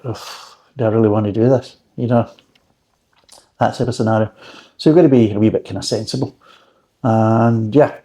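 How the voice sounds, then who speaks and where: Man, drinks reviewer, relaxed rambling chat with dry wit, lowish mellow voice. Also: creaky. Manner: rambling, chatty, dry joking asides. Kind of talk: casual home recipe chat.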